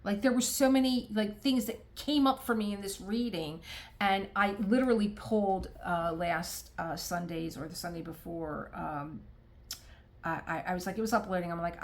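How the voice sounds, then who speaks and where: A middle-aged American woman, a crafting vlogger, talks to camera in her home art room while diamond painting. Her medium-pitched voice moves at normal speed, and her talk is rambling and heartfelt, with many restarts and quoted asides.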